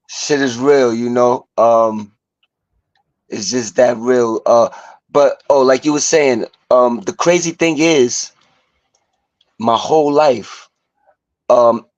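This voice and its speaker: New man, halting and hesitant, dull dry call audio, mid-pitched. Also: dry recording. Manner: halting, searching for words. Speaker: guest. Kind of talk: emotional personal sharing. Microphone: video call.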